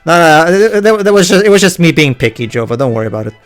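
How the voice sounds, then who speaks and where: A man hosting a game playthrough, commentating in a halting way with frequent restarts. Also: fairly high pitch, very animated, soft background music. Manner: halting, restarts, laughs often. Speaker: host, game player. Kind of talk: let's play commentary.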